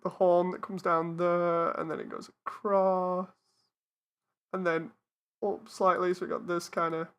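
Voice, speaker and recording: A woman's voice: on the low side, little pitch movement, measured pace, smooth, highs cut off. A woman streamer in casual live-stream commentary, talking herself through a task and laughing at her own mistakes.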